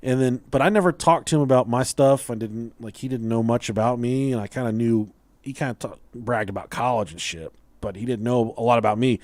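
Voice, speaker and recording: A man's voice: mid-range voice, a little fast, a little mellow, no room sound. A man hosting a podcast, telling a rambling childhood story in casual chat, swearing freely and laughing as he goes. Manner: profane, laughs through his own story. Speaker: podcast host.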